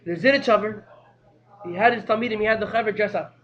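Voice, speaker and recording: Fast, high, excitable male storyteller. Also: dull audio. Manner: animated, excitable, repeats phrases for emphasis. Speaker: teacher. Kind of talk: storytelling class.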